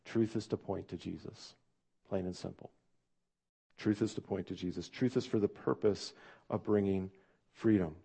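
A man's voice: sits low, fairly even intonation, moderate pace, vocal fry, long pauses, dark tone, husky. A man preaching a sermon as pastor, talking to the congregation in a conversational way and asking them direct questions.

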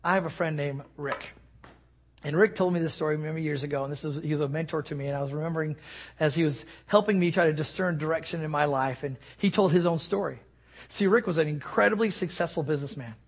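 A male pastor giving a sermon, telling stories earnestly and often dropping to a soft hush. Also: fairly high pitch, fast.

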